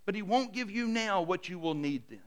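A middle-aged male pastor preaching a conversational sermon. He often repeats his first words and drops to a hushed voice to stress a point. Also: high-pitched, animated, normal speed.

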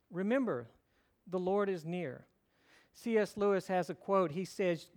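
A man's voice: sits high, measured pace, darkish tone. A middle-aged male pastor preaching a sermon in a conversational style, telling stories and mixing in light humor.

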